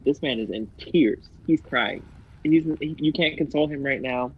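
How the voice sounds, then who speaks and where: Husky-voiced emotional game player. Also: male voice, medium pitch, moderate pace, narrow, tinny audio. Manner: emotional, swearing, animated. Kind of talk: describing his character in a tabletop game.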